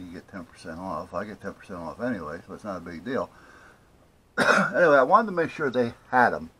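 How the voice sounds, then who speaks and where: A man's voice: on the low side, fairly bright tone, a little hiss or hum. An older man telling an annoyed story to camera, indignantly acting out both sides of a phone call. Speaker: vlogger. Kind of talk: casual ranting story to camera.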